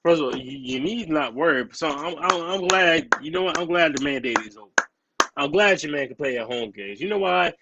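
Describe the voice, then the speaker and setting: A man's voice: on the high side, expressive, fairly quick, muffled recording, background noise. Brash trash-talking New man. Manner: brash trash-talking, repeats himself for emphasis. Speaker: podcast co-host. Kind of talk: heated sports banter.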